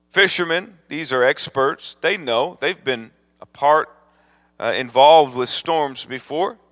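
Man, evangelist preaching, high voice, bright ringing tone, long hall reverb. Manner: builds from calm storytelling to fervent preaching. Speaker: guest evangelist. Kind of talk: sermon.

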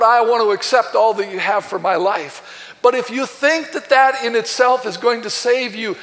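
A man's voice: very high voice, fairly bright tone, in a large hall. A man preaching a sermon as pastor, emphatic and quoting scripture from the pulpit in a church. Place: church sanctuary.

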